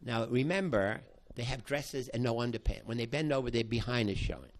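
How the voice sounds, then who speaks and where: An older man, a psychology professor, recounting a past study to an audience in halting speech full of restarts. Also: medium pitch, expressive, slight background noise. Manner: halting, with many restarts, acting out quoted voices. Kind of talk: spoken storytelling to an audience.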